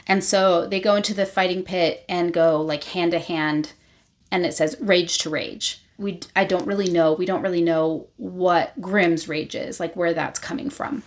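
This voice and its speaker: A woman's voice: fairly low pitch, fairly even intonation, moderate pace. A woman hosting her own channel, giving a casual spoken recap of a novel and retelling scenes loosely with plenty of fillers. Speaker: book reviewer, channel host.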